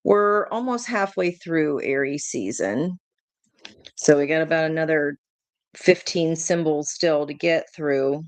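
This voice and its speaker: Slow, chatty woman reading tarot. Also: deep voice, animated, no room sound. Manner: chatty, thinks aloud, swears casually, laughs often. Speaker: tarot reader. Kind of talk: live-stream tarot reading.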